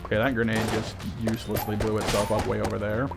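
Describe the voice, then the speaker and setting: A man's voice: fairly low pitch, completely flat delivery, fast, gravelly, heavy background noise. A man giving casual, chatty let's-play commentary, thinking aloud and poking fun at himself. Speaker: gaming YouTuber. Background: game music.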